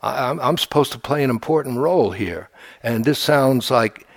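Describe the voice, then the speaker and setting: A man's voice: medium pitch, lively intonation, moderate pace. A man voicing his own ego as a self-pitying male inner voice that complains about being dumped. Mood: aggrieved.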